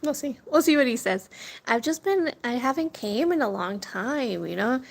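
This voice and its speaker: Outdoors near a corner store, with wind and birds audible, a young female food vlogger chats casually to her live viewers, telling stories, laughing a lot and swearing occasionally. Her voice runs on the high side, expressive, with vocal fry and a moderate pace.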